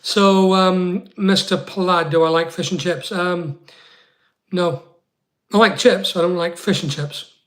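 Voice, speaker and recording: A man's voice: sits high, fairly even intonation, slow, fairly bright tone. A middle-aged man from Scotland hosting a casual live chat, answering viewers bluntly with casual swearing and rambling asides. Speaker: live stream host.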